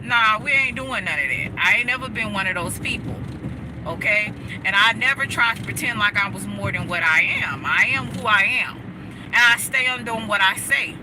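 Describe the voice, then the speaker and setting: A woman's voice: mid-range voice, animated, moderate pace, background noise. An outspoken woman, chatting to her livestream viewers while she drives. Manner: outspoken, emphatic, talks to her chat. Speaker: livestream host. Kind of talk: casual motivational livestream chat. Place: inside a car while driving.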